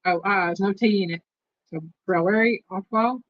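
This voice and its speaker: A woman's voice: mid-range voice, moderate pace, highs cut off. A woman with a Southern Texas accent hosting a live stream, chatting casually and reading trivia questions aloud to her viewers. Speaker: host.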